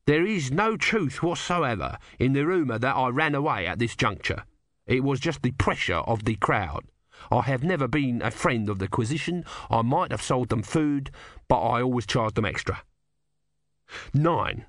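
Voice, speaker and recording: Brief: male reader as a fast-talking hawker, wheedling and chatty, close and dry. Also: mid-range voice, expressive, fairly bright tone, dry recording, close to an everyday voice. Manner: chatty, wheedling sales patter. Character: shifty male street trader, chatty salesman.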